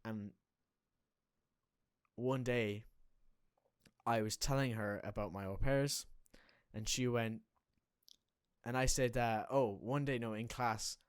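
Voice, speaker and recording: A man's voice: mid-range voice, fairly even intonation, slow, pauses often, smooth, dry recording, clean studio sound. A young Irish man chatting casually as a podcast co-host, rambling with many restarts and fillers. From Ireland. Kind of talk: casual chat.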